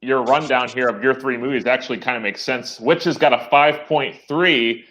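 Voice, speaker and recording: A man's voice: mid-range voice, moderate pace, a bit bright, slight background noise. A man co-hosting a movie podcast, chatting casually with a dry, teasing manner. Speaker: podcast co-host. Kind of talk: casual chat. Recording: dull lo-fi audio.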